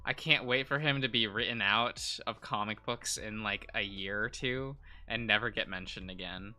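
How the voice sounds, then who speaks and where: A man's voice: on the low side, moderate pace, sharp tone, soft background music. A male streamer chatting casually and rambling with frequent laughs while he draws.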